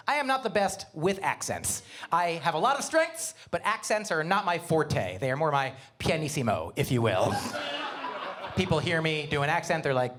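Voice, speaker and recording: A middle-aged man doing a stand-up comedy set, animated, with quick asides and wordplay. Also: a little high. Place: comedy venue with live audience.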